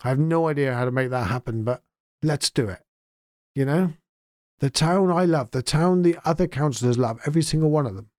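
A man's voice: fairly high pitch, fairly quick, darkish tone, dry recording, studio quality. A man hosting his own podcast, talking in an earnest, heartfelt and sometimes emotional way. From England. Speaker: podcast host and town mayor. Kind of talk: casual spoken podcast update.

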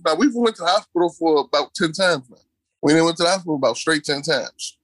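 A man's voice: on the high side, fast talker, fairly bright tone, dry recording. A man telling his own story in an interview, casual and colloquial, repeating key phrases for emphasis. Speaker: interview guest. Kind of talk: personal storytelling in conversation.

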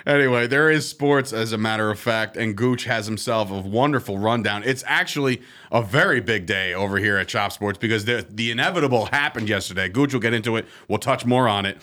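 A man's voice: fairly low pitch, brisk. A man hosting a sports podcast in casual, joking chat, laughing often. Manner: animated, jokey, laughs often. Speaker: podcast host.

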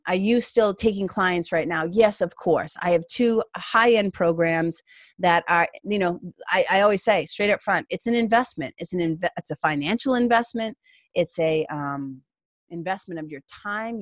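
A woman's voice: fairly low pitch, dry recording, studio quality. A woman spiritual coach talking earnestly and casually to her followers, with plenty of fillers and restarts. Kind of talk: casual motivational talk to followers.

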